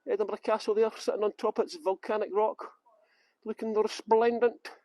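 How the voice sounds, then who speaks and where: Man, from West Yorkshire, tour guide, live-streamed walking tour, chatty and joking, greets viewers by name, high voice, dry sound. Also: flat delivery, fairly quick, dark tone, no echo. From Halifax, West Yorkshire, England. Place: outdoors on city streets.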